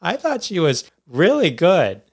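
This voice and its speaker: A man hosting a casual interview, asking relaxed, chatty questions with halting restarts. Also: sits high, husky.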